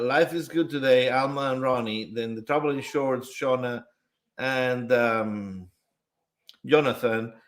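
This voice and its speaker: Slow-talking male livestream host. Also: mid-range voice. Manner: unhurried, greets viewers one by one. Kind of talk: casual live-stream chat, reading out viewer comments.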